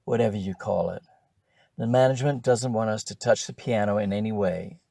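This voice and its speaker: A man voicing a brisk, bossy female course leader in a storybook reading, curt and scolding. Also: on the low side, vocal fry, mellow, no echo, clean studio sound.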